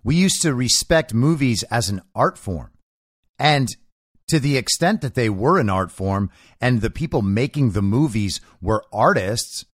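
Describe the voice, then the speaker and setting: A man's voice: mid-range voice, no echo, clean studio sound. A man hosting a commentary monologue, delivering his opinions in a sarcastic, mocking manner. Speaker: show host.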